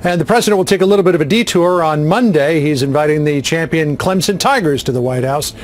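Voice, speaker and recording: Man, news correspondent, formal and steady, faint background hiss. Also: fairly high pitch, quick pace. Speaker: White House correspondent. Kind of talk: news report.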